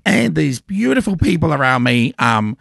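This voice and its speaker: A man chatting casually on a podcast, telling a personal story in a flustered, animated, self-deprecating way. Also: fairly high pitch, moderate pace, vocal fry, no echo, clean studio sound.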